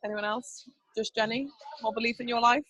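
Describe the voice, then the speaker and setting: A woman's voice: a little high, steady tone, a little fast, a bit bright, dry recording, low-quality recording. A woman leading a team training over a video call, upbeat and chatty, laughing often. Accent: not Canadian. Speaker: team leader.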